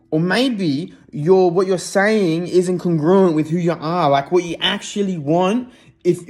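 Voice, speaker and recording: A man's voice: high voice, darkish tone. An Australian man giving a raw, unscripted self-help talk in a casual, sweary way, checking in with "okay?" often.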